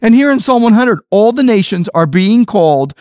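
A man preaching a sermon as pastor, emphatic, shifting between quiet low phrases and raised stressed words. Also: expressive, normal speed, no echo, clean studio sound.

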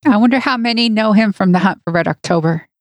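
A woman's voice: medium pitch, fast talker, no echo. A woman co-hosting a casual podcast with a wry, amused manner. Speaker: podcast co-host.

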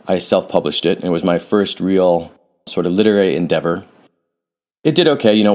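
A man with a low voice talks alone into a studio podcast microphone. He muses in a reflective, rambling way, wandering off on tangents and starting sentences over as he thinks aloud. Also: a little mellow. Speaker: podcast host and author. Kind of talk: casual solo podcast monologue.

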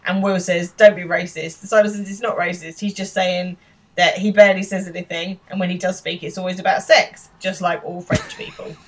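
A woman's voice: lowish voice, a little fast, rough recording. English woman animatedly retelling a sitcom. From England. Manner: animated retelling, acting out characters' lines. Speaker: podcast co-host. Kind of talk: casual chat recapping a show.

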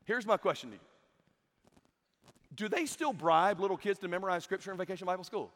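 A young adult man giving a comedic youth sermon, telling stories in an animated way and mimicking the people in them. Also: high voice, brisk. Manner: animated storytelling with mimicked voices. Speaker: youth camp speaker. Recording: long hall reverb.

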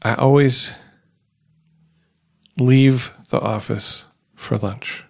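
Male host, thoughtful and unhurried, with a gravelly edge. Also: mid-range voice, steady tone, a little mellow. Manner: slow, halting, thoughtful. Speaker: podcast host. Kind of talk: casual recovery podcast chat.

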